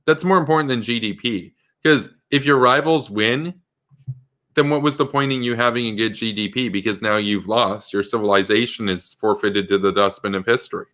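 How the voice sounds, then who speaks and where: A man's voice: lowish voice, moderate pace, a bit bright. A man giving a political commentary monologue in an emphatic, combative way, full of rhetorical questions.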